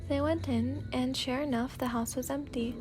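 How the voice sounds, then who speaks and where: Casting: woman narrator, gentle soft ASMR fanfic reading, slightly high voice. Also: fairly even intonation, normal speed, over music.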